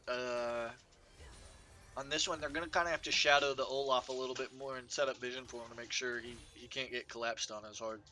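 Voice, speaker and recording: A man's voice: mid-range voice, steady tone, a little fast, bright, forceful tone, faint music behind. A man giving laid-back, joking color commentary on a live esports match, with lots of "uh" and "like". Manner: laid-back, joking analysis with many fillers.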